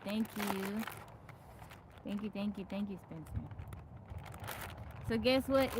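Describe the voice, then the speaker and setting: A woman's voice: medium pitch, noisy background. Chatty woman greeting stream viewers. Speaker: livestream host. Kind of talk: casual live-stream chat with viewers. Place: rural home in the woods.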